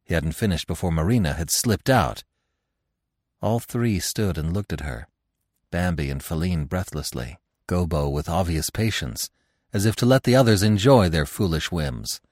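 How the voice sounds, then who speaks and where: A man narrating a classic novel in an expressive, dramatic storytelling manner. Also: low voice, normal speed, no echo, clean studio sound.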